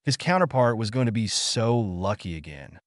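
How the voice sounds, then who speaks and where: A man narrating fan fiction in an even storybook reading. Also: on the low side, normal speed, no room sound, clean studio sound.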